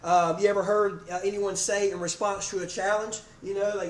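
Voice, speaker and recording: This preacher has a high voice and a level tone, moving at a moderate pace with hardly any pauses. His sermon is folksy, peppered with "okay?" and "amen?" as he checks in with congregants by name. It was recorded in an echoey church sanctuary from a distant mic, with faint noise.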